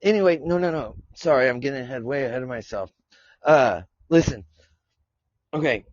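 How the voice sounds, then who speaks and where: A man's voice: mid-range voice, normal speed, no room sound. A male podcast host chatting casually on a live stream, rambling, cursing and laughing often as he talks. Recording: dull lo-fi sound.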